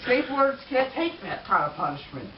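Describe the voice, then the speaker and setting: A man's voice: very high-pitched, big pitch swings, fairly quick, muffled recording, noisy background. A man playing a boastful, crude pro scooter rider in a mock interview comedy sketch, rambling and bragging. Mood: swaggering.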